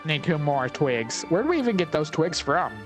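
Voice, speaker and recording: Male gameplay commentator, wry and chatty, thinks aloud, slightly high voice. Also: very animated, moderate pace, music in the background.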